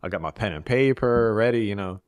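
This Eastern European podcast guest has a lowish voice with a clean tone, captured in a dry recording. He chats casually and reflectively, keeping a measured pace and starting his phrases over as he works through his thoughts.

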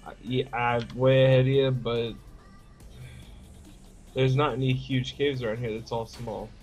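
Male co-player, dry and joking, mid-pitched voice, faint game music. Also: little pitch movement, unhurried, a little mellow, poor audio. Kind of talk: casual gaming chat.

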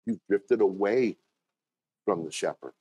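A man preaching a sermon as pastor, telling stories and acting out quoted voices with sudden jumps in pitch. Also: measured pace, breathy edge, dull audio.

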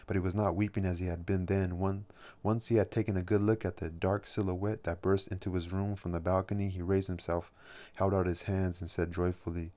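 A man reading a novel aloud in a plain, unhurried way, then musing about the chapter. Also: low voice, little pitch movement, darkish tone. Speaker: audiobook reader.

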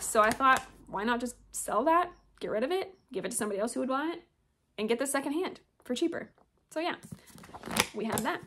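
Showing off a fresh stack of books, this young woman speaks in a fairly high, somewhat bright voice. Her casual haul vlog is full of gushing, chatty commentary, and she reads out the blurbs.

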